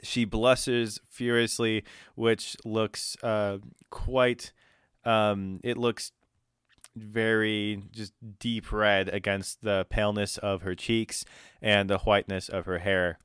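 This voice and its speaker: A man narrates a tabletop role-playing game as game master, halting and full of fillers. His voice is smooth and clear, and he talks slowly. The sound is dry and close. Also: lowish voice, flat delivery, fairly bright tone, no room sound. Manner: halting, many fillers and restarts.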